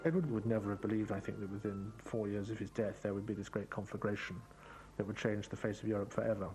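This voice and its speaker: Man, historian interview, quick, low voice, music bed. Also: fairly even intonation, mellow, slight background noise, low-quality recording. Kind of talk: documentary interview commentary.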